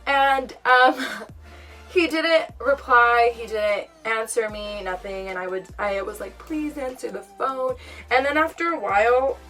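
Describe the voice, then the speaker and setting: A woman's voice: a little high, unhurried. A young woman casually telling a storytime on her vlog, acting out what she and others said. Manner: chatty, animated retelling with quoted dialogue. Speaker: vlogger. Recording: far from mic, music behind.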